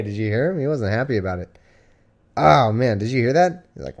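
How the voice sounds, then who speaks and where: Casual male streamer, lowish voice, reads scripture and riffs on it with sarcastic, rambling asides. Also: expressive, fairly quick, darkish tone. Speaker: live-stream host. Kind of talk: casual scripture reading with commentary.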